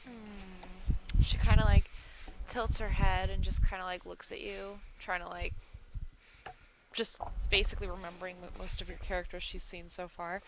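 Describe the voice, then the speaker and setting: A woman's voice: medium pitch, little pitch movement, moderate pace, highs cut off. A woman narrating her character's actions at a tabletop game, hesitant and full of fillers. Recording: clear background noise.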